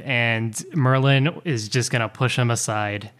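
A man's voice: medium pitch, steady tone, a little slow, a bit bright. A man playing a tabletop game, speaking curtly and insistently as his character. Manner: curt, insistent. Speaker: player. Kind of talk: tabletop role-play, in-character voice.

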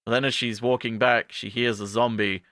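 A man's voice: medium pitch, little pitch movement, normal speed, pushed and bright, no room sound, clean studio sound. A man co-hosting a podcast, recapping a show in a rambling, playful way with jokey asides. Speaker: podcast co-host. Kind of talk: casual comedic recap.

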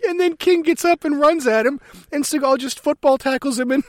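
Un homme qui raconte en riant. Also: male voice, very high-pitched, a little fast, no room sound. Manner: laughing storyteller, profane. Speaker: podcast co-host. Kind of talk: casual chat.

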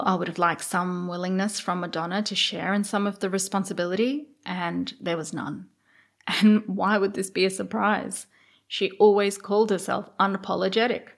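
A woman's voice: mid-range voice, vocal fry. A middle-aged woman hosts her own show and tells a personal story straight to the listener. She is candid and casual, and now and then she swears. When she replays what she was thinking at the time, her voice rises. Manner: candid, animated when reliving her thoughts, occasional swearing. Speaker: podcast host sharing a personal story.

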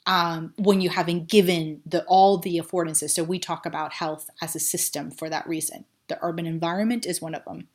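A woman's voice: on the low side, steady tone, a little fast, few pauses. A woman guest on a podcast, a neuroscientist explaining her points in an emphatic, frank conversational way. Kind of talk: conversational interview.

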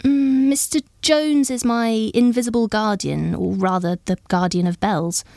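A woman's voice: medium pitch, normal speed, a little mellow, no room sound, studio quality, lightly acted. A woman reading aloud and voicing a hesitant young woman who halts and stammers as she speaks. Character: hesitant young woman, new owner of an old house.

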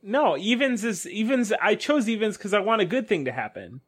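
A man playing in a tabletop game, reading out his dice math in animated banter. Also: high voice, moderate pace, slightly rough. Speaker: player.

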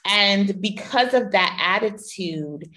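A woman's voice: medium pitch, expressive, slow pace, sharp tone. A middle-aged woman hosting a podcast, telling personal stories in a candid, playful and emphatic way. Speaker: podcast host. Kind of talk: personal storytelling monologue.

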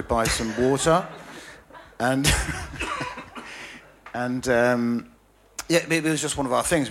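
A journalist and author, appearing as a guest, tells a rambling, self-deprecating story in casual conversation. His mid-range voice has a fairly bright tone, and he stammers through many restarts and laughs frequently.

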